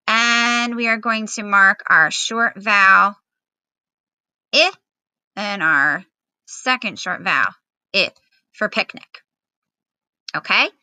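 A woman's voice: medium pitch, slow, pauses often, pushed and bright, no echo, poor audio. A woman teacher giving a recorded phonics lesson to children at home, patiently spelling out words with fillers.

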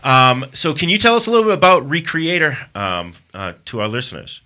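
A man's voice: fairly high pitch, huge pitch swings, brisk, sharp tone. A man hosting a casual radio talk show, easygoing and chatty.

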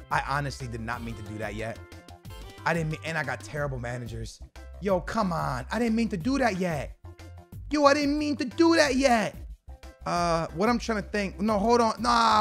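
A young man giving casual, slangy commentary on a video game, bursting into shouts at big moments. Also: on the high side. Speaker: gaming YouTuber.

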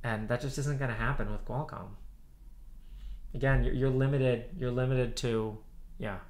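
A man's voice: medium pitch, steady tone, normal speed, a little mellow. Ranting man in an echoey room. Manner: heated, profane, repeats himself. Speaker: livestreamer reading and answering chat. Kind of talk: ranting livestream talk. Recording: roomy echo.

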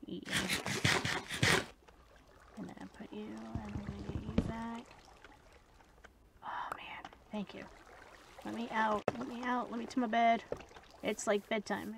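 A woman's voice: mid-range voice, fairly even intonation, normal speed, gravelly, long pauses, heavy background noise. A woman casually commenting on her own gameplay, chatting to herself and the game and slipping into whispers. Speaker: gaming video host. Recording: loud background music.

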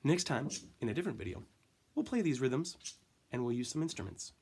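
A man teaching a music lesson to children, counting in and chanting rhythm syllables with gentle encouragement. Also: mid-range voice, big pitch swings, brisk, breathy edge.

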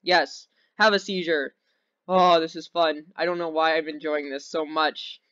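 A young man giving casual, rambling commentary over gameplay, easily excited and giggly. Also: fairly high pitch, measured pace, clean tone. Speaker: gaming video host. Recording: dull lo-fi sound.

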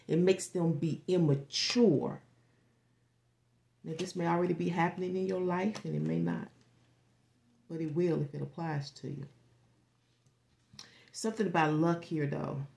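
A woman with a fairly low voice reads tarot cards for her viewers in a loose, rambling way. She swears freely and slips into whispers as she senses the reading, then picks back up. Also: a little slow, vocal fry, pauses often. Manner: rambling, animated, swears freely, acts out quoted reactions. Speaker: tarot reader. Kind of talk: casual tarot forecast.

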